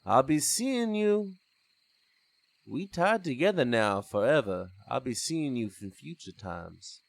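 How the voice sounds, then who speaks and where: A man voicing a sly, mocking male spirit villain with taunting, drawn-out phrasing. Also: medium pitch, very animated, vocal fry, no room sound, voice pushed up, exaggerated voice.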